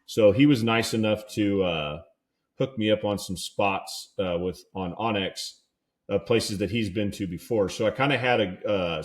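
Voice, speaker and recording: A young man from California tells a story on a podcast in a loose, rambling way, stringing thoughts together with "like" and "dude." His voice sits a bit low, and the telling is casual and unscripted. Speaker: podcast co-host.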